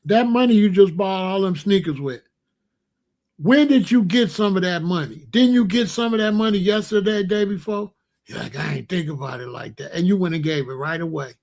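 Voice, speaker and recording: A man's voice: high voice, lively intonation, moderate pace, darkish tone. A middle-aged man hosting his own channel, telling blunt, profane, slang-heavy stories in a casual monologue. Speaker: host.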